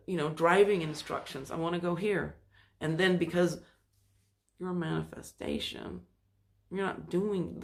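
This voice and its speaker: A gravelly, medium-pitched voice belongs to a spiritual self-help channel host whose casual monologue meanders, with loose phrasing, restarts, and quoted voices performed briefly.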